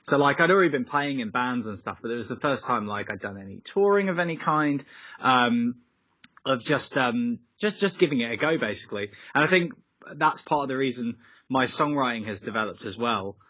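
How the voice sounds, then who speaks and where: A young man talks loosely over a video call, wandering off on tangents and padding his sentences with ums and likes. His voice comes across bright and forward. The call audio is dry and a little dull. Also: medium pitch, animated, fairly quick, dry recording. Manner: rambling, goes off on tangents, many fillers. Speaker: musician guest.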